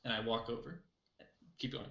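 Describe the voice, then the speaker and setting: A man's voice: mid-range voice, moderate pace, vocal fry, roomy sound, muffled recording. A man playing a tabletop game, talking hesitantly and partly in character. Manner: hesitant, animated. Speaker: player.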